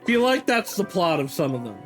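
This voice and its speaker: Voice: medium pitch, sing-song, a little fast, faint music behind. A streamer giving playful, joking commentary during a live game playthrough.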